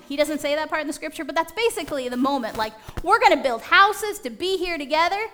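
A woman preaching a sermon in a conversational, animated storytelling manner. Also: sits high, quick pace, few pauses.

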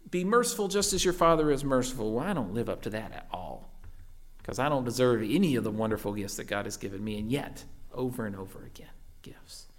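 A man who is a parent of a young child, preaching a sermon in a conversational way, often tagging "right?" onto his points and moving between raised emphasis and hushed asides. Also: medium pitch. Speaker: pastor.

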